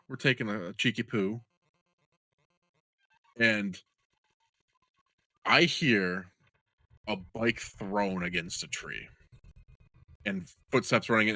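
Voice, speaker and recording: A young man co-hosting a podcast, telling a long crude anecdote in an animated, joking way. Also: fairly low pitch, no echo. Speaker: podcast co-host. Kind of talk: casual storytelling chat.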